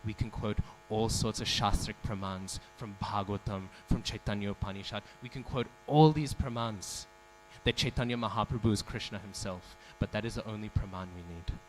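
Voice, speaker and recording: A man's voice: fairly low pitch, normal speed, slight background noise, poor audio. A man giving a devotional class in a temple, telling a story, acting out the quoted speech and asking the audience questions. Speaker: speaker giving a scripture class. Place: temple hall.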